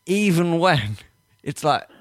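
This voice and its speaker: A man's voice: on the high side, sing-song, takes it slowly, dry recording, clean studio sound. A man hosting a podcast in casual chat, joking, laughing often and acting out quoted voices. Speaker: podcast host.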